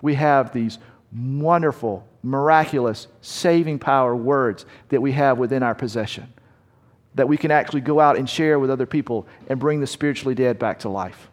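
Man preaching a sermon in an echoing hall. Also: medium pitch. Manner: slows down to stress key words, drops to quiet at line ends. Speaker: pastor. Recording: long hall reverb.

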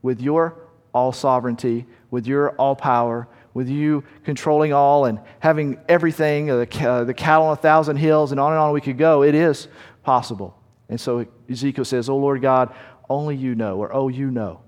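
A man preaching a sermon, slowing down to stress key words and dropping to a hush at the ends of lines, in a church sanctuary. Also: mid-range voice, fairly even intonation. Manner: slows down to stress key words, drops to quiet at line ends. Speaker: pastor. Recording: long hall reverb.

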